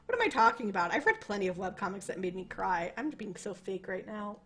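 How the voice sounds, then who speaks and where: Speaking quickly and barely pausing, this let's play host has a mid-range female voice over faint background music. She's a young woman working through a visual novel, alternating between reading its narration and launching into lively, profane tangents.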